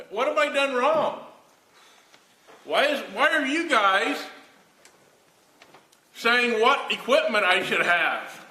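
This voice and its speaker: A man's voice: high voice, big pitch swings, unhurried, long pauses, pushed and bright. A man speaking at a county board meeting, complaining in an aggrieved, pleading way that he is being singled out. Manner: aggrieved, pleading, rising to anger. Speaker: county employee addressing the board. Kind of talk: public comment at a meeting. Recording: echoey meeting room.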